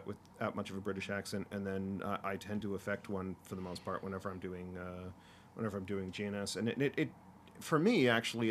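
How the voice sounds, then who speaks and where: A man's voice: on the low side, fairly bright tone, a little hiss or hum. A man co-hosting a podcast, talking casually and rambling with lots of fillers and restarts. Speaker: podcast co-host. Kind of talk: casual chat.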